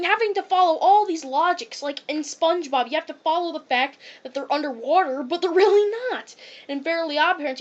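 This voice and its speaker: A woman's voice: sits high, highs cut off. A woman giving a rambling, casual rant review of a cartoon, full of "um" and "like" fillers.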